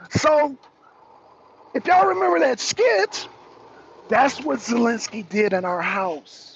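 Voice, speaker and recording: A man's voice: very high voice, slow pace, gravelly, long pauses, lo-fi sound, a little hiss or hum. A man hosting a livestream talk show, ranting angrily with lots of profanity. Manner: angry, profane, animated. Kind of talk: heated political rant on a livestream.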